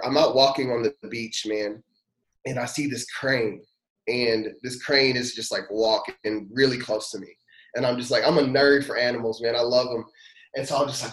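A man's voice: medium pitch, a bit bright. Earnest pastor telling his story, roomy echo. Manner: earnest, heartfelt, casual slang and fillers. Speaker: pastor, podcast guest. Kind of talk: personal storytelling testimony.

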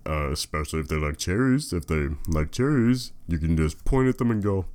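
A man's voice: low-pitched, expressive, a little fast, hardly any pauses, darkish tone, clear, resonant tone. A man rambling on in a casual monologue, reading a short entry aloud and adding dry, wandering asides full of fillers. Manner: meandering, dry joking, many fillers and restarts. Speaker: solo talker reading a fruit entry aloud.

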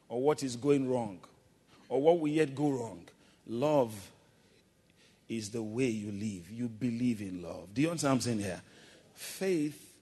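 A male pastor delivering a sermon with call-and-response, shifting between loud exhortation and quiet, drawn-out emphasis. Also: mid-range voice. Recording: long hall reverb.

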